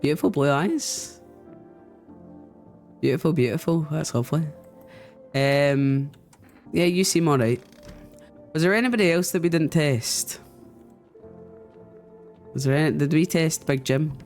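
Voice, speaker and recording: A man commenting on a video game as he plays, playful and quick to swear. His voice sits fairly high, with soft game music playing under it. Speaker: streamer. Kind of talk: gameplay commentary.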